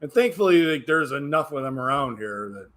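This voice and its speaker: A man's voice: a little high, animated, fairly quick, a bit bright. Tired, rambling man streaming. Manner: rambling, hesitant, trails off into mumbles. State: tired, yawning. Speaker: livestreamer reading chat. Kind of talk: casual livestream chat.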